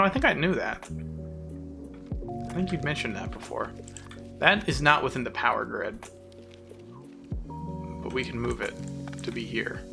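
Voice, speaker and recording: A man's voice: mid-range voice, vocal fry. A man from the southern United States with a mild southern accent, chatting casually and rambling while streaming a game and reading chat aloud.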